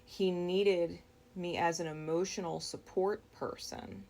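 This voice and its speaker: Low, gravelly woman for a dream-story read: unhurried, reflective, halting. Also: steady tone, mellow, a little hiss or hum. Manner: slow, reflective, with frequent pauses and restarts. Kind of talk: recounting a dream.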